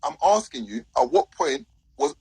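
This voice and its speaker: A man's voice: fairly high pitch, expressive, normal speed, dark tone, breathy edge, dry recording, poor audio. A man arguing on a live stream video call, demanding answers and cutting in with repeated questions. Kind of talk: heated live stream argument.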